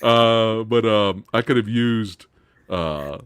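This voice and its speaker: Male host, low and animated, excitable, dry close mic. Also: takes it slowly, clear, resonant tone, dry recording. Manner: excitable, laughing, stumbles into restarts. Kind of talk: casual movie review chat.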